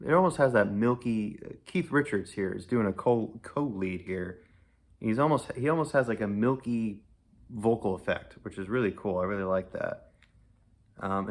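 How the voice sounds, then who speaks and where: A man's voice: lowish voice, a bit bright. A man giving a casual, enthusiastic, rambling album review, laughing often and gushing over songs. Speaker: music reviewer.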